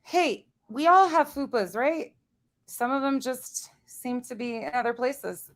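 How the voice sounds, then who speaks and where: A woman's voice: sits high, expressive, measured pace. Blunt, laughing woman streamer. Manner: blunt, profane, laughs often. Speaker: livestream host. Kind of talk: casual livestream chat.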